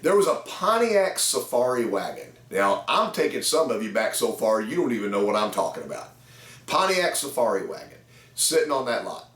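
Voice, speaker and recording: Brief: man in his fifties, sales trainer, anecdotal storytelling, mid pitch, roomy sound. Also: very animated, moderate pace, fairly bright tone, recorded from a distance. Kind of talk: storytelling talk to camera. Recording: echoey room.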